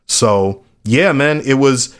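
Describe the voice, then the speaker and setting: A man's voice: mid-range voice, slow, clear, resonant tone. A man, a battle rapper from the Chicago area, telling stories in a loose, casual interview and acting out quoted voices.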